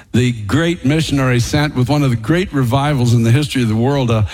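A man's voice: mid-range voice, rough recording. A man preaching a sermon as pastor, emphatic and paraphrasing scripture with light chuckles.

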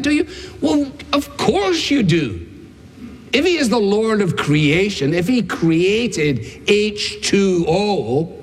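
A man preaching a sermon in an emphatic style, building his points through repeated phrases. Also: sits high. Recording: long reverb of a large hall.

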